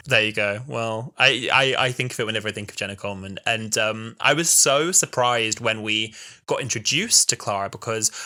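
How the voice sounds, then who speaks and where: A man in his twenties co-hosting a podcast, telling stories in animated casual chat. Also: on the low side, moderate pace. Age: 20s. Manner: animated storytelling, acts out quotes. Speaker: podcast co-host.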